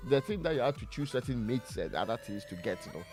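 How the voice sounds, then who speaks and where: A man's voice: medium pitch, very animated, fast, darkish tone, soft background music. A man with a Ghanaian English accent presenting a live radio advert in a playful, chatty way. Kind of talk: reading a live on-air advert.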